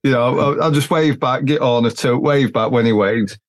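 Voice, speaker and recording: A man's voice: medium pitch, normal speed. A man hosting a casual podcast, talking bluntly and rambling in colloquial speech. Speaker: podcast host.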